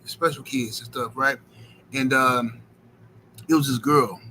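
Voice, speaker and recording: Rambling, slangy livestream host. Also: male voice, mid-range voice, fairly even intonation, measured pace, pushed and bright, a little hiss or hum, poor audio. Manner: rambling, slangy, full of "you know what I'm saying". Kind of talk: casual livestream commentary.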